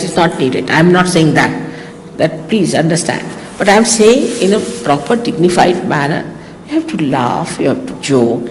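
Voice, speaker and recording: Older woman, Indian accent, spiritual teacher, teasing and animated delivery, lively pitch, old hall recording with faint hiss. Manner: teasing, animated, acts out quoted exchanges. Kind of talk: informal talk to followers.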